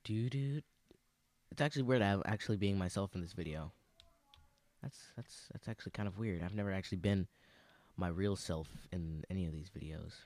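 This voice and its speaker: A man's voice: low voice, moderate pace, darkish tone, no room sound. A young man rambling through gaming commentary, arguing with himself and slipping into silly voices. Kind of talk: let's play commentary.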